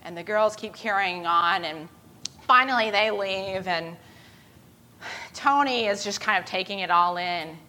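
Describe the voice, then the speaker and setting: A woman gives a sermon, retelling a story in a bright, clear voice. She acts out the quoted lines as she goes. Her pitch sits in the middle range. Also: unhurried, low-quality recording. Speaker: preacher.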